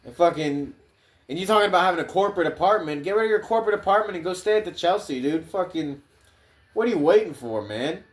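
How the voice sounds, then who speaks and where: A man's voice: high voice, expressive, fast. A man hosting a podcast, rambling casually with heavy swearing. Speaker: podcast host.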